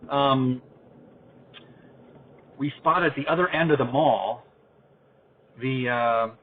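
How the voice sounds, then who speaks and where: A man's voice: medium pitch, husky. Man talking from behind the wheel. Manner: rambling, halting, trails off quietly. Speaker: podcast host. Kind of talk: casual chat while driving. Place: inside a car. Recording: tinny phone-like car recording.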